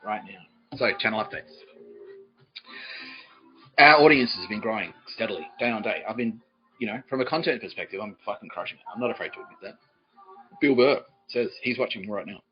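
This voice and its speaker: A man's voice: fairly low pitch, animated, a little fast, pauses often, faint music behind. A man hosting a podcast, rambling through a profane comedic monologue and laughing mid-sentence, in a slightly muffled recording. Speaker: podcast host.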